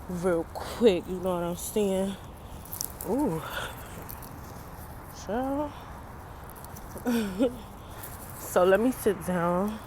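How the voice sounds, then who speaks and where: A young woman vlogs outside in the cold, talking to her camera in a chatty, loose way and laughing often, though her eyes are swollen from tears. Her voice is fairly low, and background noise is present.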